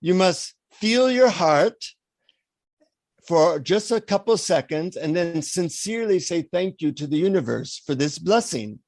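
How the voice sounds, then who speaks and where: A man voicing a serene older male guru with an Indian accent, speaking slowly and solemnly in a podcast story. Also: high-pitched, expressive, darkish tone, dry recording, studio quality, heavily acted. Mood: patiently instructive.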